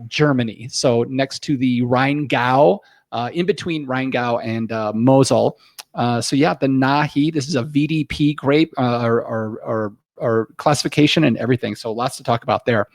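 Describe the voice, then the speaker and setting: A man hosting a casual podcast, talking in a relaxed, halting way with many small pauses. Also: mid-range voice, no echo. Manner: relaxed, hesitant with fillers. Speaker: host.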